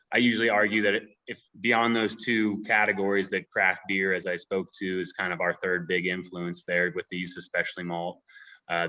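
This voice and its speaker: A man's voice: deep voice, muffled recording. A man on a video call, talking casually with many fillers and restarts. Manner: hesitant, filler-heavy, relaxed. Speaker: head distiller. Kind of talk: casual panel talk.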